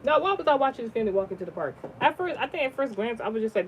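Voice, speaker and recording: A vlogger telling a personal story in a casual, rambling way, swearing often and restarting sentences, with the voice jumping high and loud at the shocking moments. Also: very animated, racing, a little hiss or hum, poor audio. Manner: rambling, profane, many fillers and restarts.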